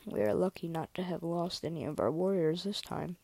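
A woman's voice: fairly low pitch, brisk, vocal fry, mellow, slightly rough, no echo, poor audio. A woman voicing an old, troubled she-cat clan leader in a whispered role-play.

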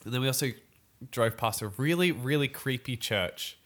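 A young man, telling a story in a casual podcast chat and acting out other people's voices as he goes. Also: mid-range voice. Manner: animated storytelling, quick laughs, acts out voices.

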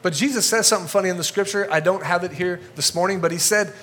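A man's voice: sits high, quick pace, few pauses, a bit bright, a little hiss or hum. Fired-up conversational male pastor. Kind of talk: sermon. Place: church in front of a congregation.

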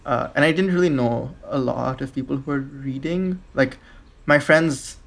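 Relaxed young man from India, gravelly. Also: mid-range voice. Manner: relaxed, halting, many likes and restarts. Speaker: guest. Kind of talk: casual conversation.

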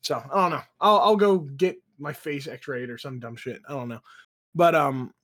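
A man's voice: a little high, normal speed, a bit bright. A young man co-hosting a podcast over a video call, telling a rambling, profane story packed with filler words. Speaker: podcast co-host. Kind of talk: casual chat.

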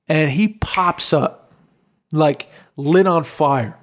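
A young man in casual podcast chat, with a slightly high voice. He speaks earnestly and from the heart, piling on "like" and "bro". His delivery is loose and conversational. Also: drawn-out words. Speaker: podcast co-host.

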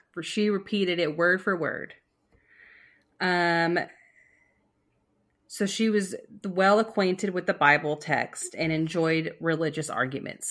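A woman's voice: deep voice, fairly bright tone. A woman casually telling a spooky story on a podcast, rambling with fillers and restarts. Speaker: storyteller co-host.

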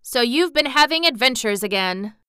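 A woman reading aloud, voicing a kindly little wizard from a storybook in a calm, genial, explaining tone. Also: a little high, moderate pace, clean tone, no echo, clean studio sound, pitched above the performer's own voice.

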